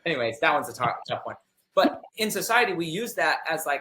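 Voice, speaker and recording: A man's voice: a little high, very animated, a little fast, pushed and bright, roomy sound, slight background noise, low-quality recording. A man in a casual faith podcast conversation, thinking aloud and searching for the right words.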